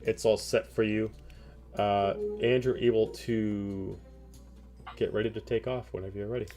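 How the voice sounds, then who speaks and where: A man running a tabletop role-playing session as game master, narrating in a plain, matter-of-fact way. His voice sits low, with faint music underneath. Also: steady tone, moderate pace, dark tone.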